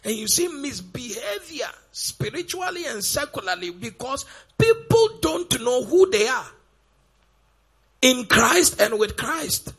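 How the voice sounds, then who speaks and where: A man preaching a sermon, firing off rhetorical questions in a gravelly, raspy voice. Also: very high-pitched, sing-song, measured pace, fairly bright tone.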